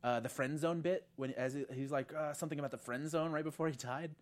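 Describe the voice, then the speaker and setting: A woman's voice: low voice, quick pace. A woman co-hosting a podcast, chatting casually about a show, acting out lines in voices with lots of fillers. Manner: animated, acts out quotes in voices, many fillers. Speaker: podcast co-host. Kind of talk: casual chat recapping a TV series.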